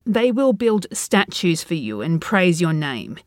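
A woman voicing a calm, lucid ancient entity that wants to steal a body, speaking in a soothing, coaxing way that sinks to a low hush. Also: a little slow, no echo, studio quality.

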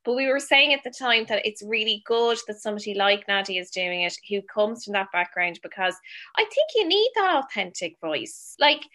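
Bright-voiced wry Irish woman. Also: mid-range voice, sing-song, moderate pace. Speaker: podcast co-host. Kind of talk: casual chat.

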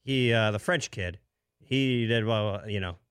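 A young man with a low voice chats easily, telling stories and laughing often. His voice sounds close and dry, with no room sound. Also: a little slow, fairly bright tone, clear, resonant tone, no room sound. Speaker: show regular. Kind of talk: casual chat.

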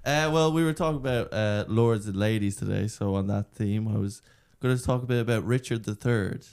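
A man's voice: lowish voice, fairly quick, darkish tone, smooth. A young man co-hosting a chat, explaining things at length in an earnest way. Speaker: podcast co-host. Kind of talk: casual chat.

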